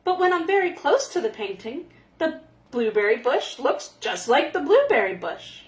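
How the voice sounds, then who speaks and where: A small, earnest female mouse from a storybook, her voice pitched high and pressing to be heard, as a woman puts her on. The reading sounds like it was recorded in an echoey room. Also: big pitch swings, moderate pace. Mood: musing. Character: timid little female mouse painter.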